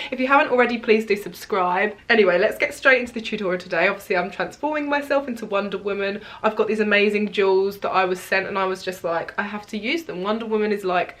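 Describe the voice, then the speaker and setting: A woman's voice: medium pitch, fairly bright tone. A young woman narrating a makeup tutorial as a voice-over, chatty and upbeat, with casual asides. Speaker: beauty vlogger.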